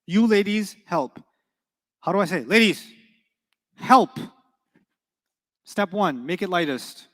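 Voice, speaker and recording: A man teaching an Arabic grammar class, quizzing his students with quick rhetorical questions in a playful, teasing way. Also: sits high, lively intonation, big-room sound.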